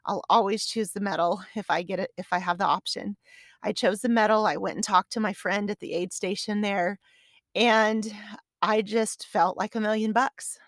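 Speaking at a normal speed in a steady, medium-pitched voice, a woman hosting her own podcast tells a long personal story as a casual solo recap. Her delivery is chatty and meandering with many restarts, and she gets emotional to the point of tears. Clean, dry studio sound.

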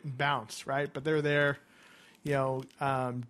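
A man's voice: fairly high pitch, steady tone, measured pace, fairly bright tone. A young man hosting a podcast, telling stories in a rambling, profane, laughing way. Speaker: podcast host. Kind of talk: casual podcast chat.

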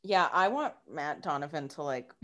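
A woman's voice: expressive, normal speed, pushed and bright, dull audio. A woman co-hosting a casual chat about a TV episode, adding wry, joking asides. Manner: wry, joking asides with big swings in pitch.

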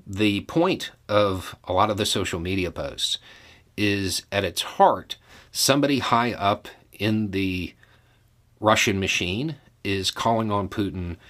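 Podcast host, male, low voice, slow, unhurried thinking-aloud delivery. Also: a bit bright. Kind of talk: casual solo commentary.

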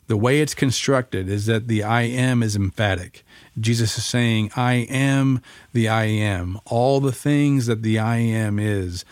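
A man's voice: mid-range voice, a little mellow, dry recording. A man preaching a sermon in an earnest, emphatic teaching manner, building points through repetition. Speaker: pastor.

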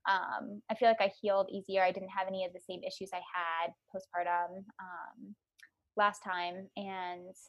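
A woman's voice: medium pitch, brisk, few pauses. Guest woman, thirties, casual chatty storyteller, mid-range voice, lots of filler. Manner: animated storytelling, many likes and ums. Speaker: podcast guest.

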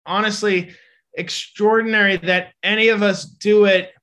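Guy with a high bright voice talking fast, lots of restarts. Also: fairly even intonation. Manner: fast, halting, with many restarts. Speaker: comedian guest. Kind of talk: casual podcast chat.

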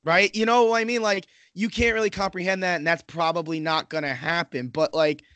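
A man's voice: sits high, steady tone, brisk, fairly bright tone, clean tone, dry recording. A man talking hockey as a fan, rambling and swearing, with many restarts and fillers. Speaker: Islanders fan in a hockey podcast discussion. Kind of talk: casual hockey chat.

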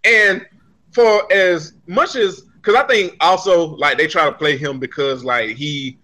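A man in casual chat with a bright, forceful tone that sits a touch high. He talks in an animated, profane way, often laughing through his stories. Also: measured pace. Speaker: podcast co-host.

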